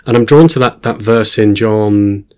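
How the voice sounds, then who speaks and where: A man's voice: lowish voice, unhurried, darkish tone, clean tone. A man giving a reflective Bible teaching, earnest and thoughtful, often quoting scripture. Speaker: Christian teacher.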